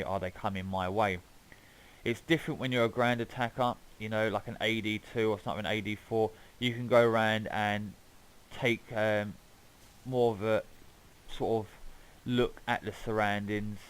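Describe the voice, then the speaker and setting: A man's voice: on the low side, rough recording. A man giving casual, rambling gameplay commentary as he flies around a map, swearing now and then. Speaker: gaming YouTuber.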